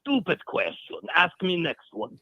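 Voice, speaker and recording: A man's voice: high-pitched, huge pitch swings, unhurried, dry recording, highs cut off, exaggerated voice. A man on a call-in show putting on a fake Russian accent to play a cagey hijacker who speaks broken, clipped English. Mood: cagey deadpan. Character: male caller posing as a hijacker, cagey and deadpan. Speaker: caller.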